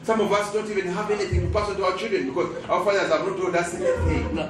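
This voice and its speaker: A guest speaker and lecturer, a middle-aged man with a Ugandan English accent, preaches with emphasis and has the audience finish his lines. He talks quickly in a high voice with fairly even intonation, and a little hiss or hum sits under the recording. It was captured from afar in an echoing hall.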